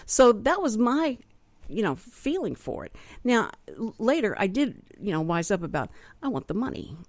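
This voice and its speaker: A woman's voice: medium pitch, sing-song, normal speed, dry recording. A woman hosting a radio talk show, chatting casually and encouraging her guest with frequent backchannels.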